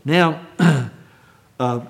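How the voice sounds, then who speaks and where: A man delivers a sermon in a somewhat high voice. He climbs to loud, emphatic repetition, then sinks back to a hushed, deliberate reading of scripture. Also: vocal fry. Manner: builds to shouted quotes, then drops to hushed reading. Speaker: preacher.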